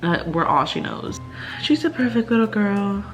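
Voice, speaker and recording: A woman's voice: mid-range voice, lively intonation, moderate pace, faint music behind. A young woman vlogger talking candidly at home in a chatty way, with lots of fillers and laughs. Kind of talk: casual chat. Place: indoors at home.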